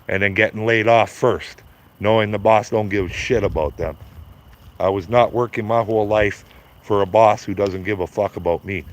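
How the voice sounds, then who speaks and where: Blunt, profane man in his fifties ranting. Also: fairly low pitch. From Canada. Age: 50s. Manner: blunt, profane, mocking, laughs at own jokes. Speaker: live streamer. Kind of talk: ranting live stream chat. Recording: slightly dull lo-fi stream audio.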